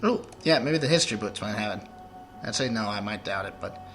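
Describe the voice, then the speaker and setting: A man's voice: lowish voice, lively intonation, fairly quick, a bit bright, soft background music. A man giving rambling, joking let's play commentary while he plays.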